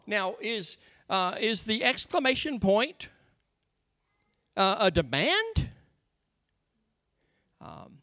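A pastor giving a sermon, teaching in an earnest, conversational way and slowing down for emphasis. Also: male voice, high-pitched, big pitch swings, fairly bright tone, no echo, clean studio sound.

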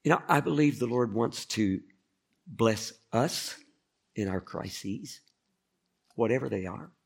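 A man's voice: mid-range voice, lively intonation, slow pace, vocal fry, slightly rough. A male pastor preaching a conversational sermon, often turning to ask the listeners questions. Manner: conversational, asks the congregation questions.

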